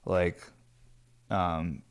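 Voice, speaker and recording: Man, lowish pitch, stressed small-business owner talking off the cuff, filler-heavy, curses freely. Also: flat delivery, very slow, gravelly, clear, resonant tone. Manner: rambling, many fillers, swears freely. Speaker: glass studio owner. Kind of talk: candid casual vlog talk.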